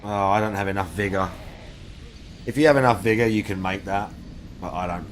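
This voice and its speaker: A man's voice: fairly low pitch, fairly even intonation, moderate pace, slight background noise. A man in casual banter who plays a video game while swearing crudely and throwing insults at his friend. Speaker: co-streamer playing a video game.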